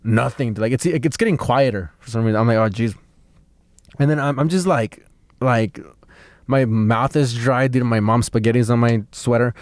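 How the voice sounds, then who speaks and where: A man's voice: mid-range voice, moderate pace, no echo. A man, a stand-up comic and podcast co-host, telling a story in casual chat, swearing freely and acting out the people in it. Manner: animated, swearing, acts out voices.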